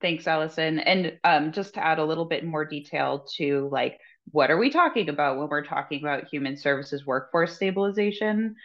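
A woman adds detail during a meeting, talking in a casual, filler-heavy way. Her voice has a gravelly fry, and the lo-fi recording sounds dull and muffled. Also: sits low, lively intonation, moderate pace. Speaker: advocacy staff member. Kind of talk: meeting update. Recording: dull, lo-fi audio.

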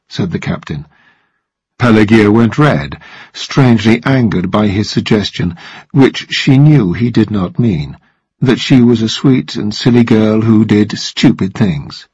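A man narrating a story aloud for English listening practice, with a measured, expressive delivery. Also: lowish voice, slightly rough, no echo, muffled recording.

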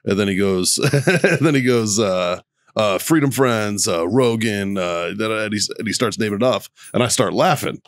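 A man with a lowish voice tells stories on a podcast, swearing freely and breaking into laughter. The sound is close and dry, with no room behind it. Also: lively intonation, moderate pace, no room sound. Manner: profane, laughing storyteller. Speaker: podcast co-host. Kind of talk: casual storytelling chat.

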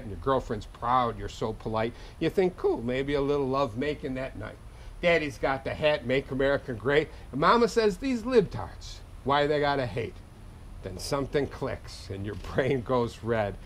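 High-pitched profane man doing spoken word. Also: a little hiss or hum. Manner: animated, profane, rapid-fire rhyming delivery. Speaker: touring singer-songwriter. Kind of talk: live spoken-word comedy performance. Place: house concert, indoors.

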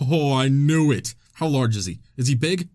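A man's voice: medium pitch, lively intonation, measured pace, darkish tone. A young man hosting a let's-play, commentating casually and joking back at the game's characters. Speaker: gaming channel host.

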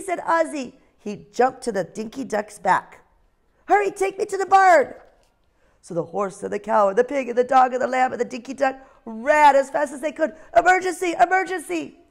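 Kindergarten teacher lady, slow sing-songy, a bit of vocal fry, reading a picture book out loud. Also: mid-range voice. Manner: slow, sing-song, clear for small children. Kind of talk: phonics lesson and read-aloud.

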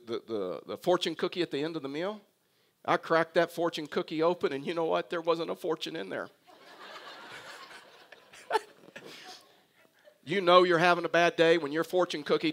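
Man, pastor, higher-pitched voice, sermon, humorous storytelling, animated. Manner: conversational storytelling, wry humor; animated, voices imagined dialogue with Jonah.

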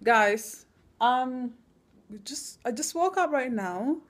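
A woman's voice: high-pitched, animated, takes it slowly. A young woman, a mother, talking casually to camera at home and soothing her toddler. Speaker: mother vlogging her kids. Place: home, indoors. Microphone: handheld camera.

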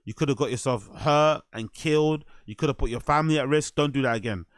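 A man's voice: medium pitch, fast, no echo, clean studio sound. A man giving casual reaction commentary in a blunt, incredulous way, swearing freely.

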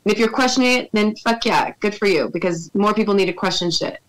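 A woman's voice: mid-range voice, quick pace, low-quality recording. A woman guest on a podcast, talking bluntly and emphatically with lots of swearing. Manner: blunt, profane, emphatic ranting. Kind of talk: casual podcast chat.

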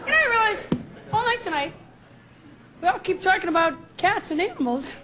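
A woman's voice: extremely high pitch, lively intonation, a little fast, a crowd in the background. A woman doing a stand-up routine on a club stage, chatty and sarcastic. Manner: chatty, conversational, sarcastic asides. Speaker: stand-up comedian. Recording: noisy club recording with audience.

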